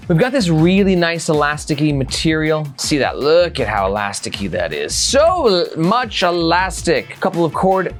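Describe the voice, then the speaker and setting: A man hosting a casual gear review vlog, joking and swearing casually as he talks. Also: on the high side. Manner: jokey, animated, swears casually.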